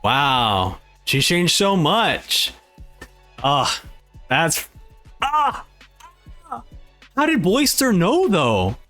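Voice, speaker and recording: A young man reacting to a manga as he reads it aloud, excitable and exclaiming often. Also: a little high, extremely slow, long pauses, soft background music.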